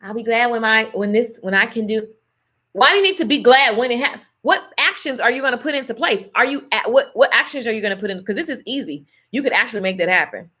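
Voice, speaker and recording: A woman delivers a casual, emphatic motivational talk, sprinkling in pet names like darling and honey. Her voice sits high and sounds bright and clear. She keeps a preachy, church-flavored tone throughout. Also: lively intonation, fast talker. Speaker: motivational speaker on a live stream.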